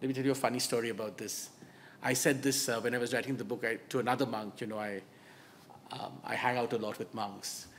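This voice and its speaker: A male author giving a public talk, telling stories in an animated way and dropping to soft asides. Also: medium pitch, quick pace, slight background noise. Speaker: author and speaker.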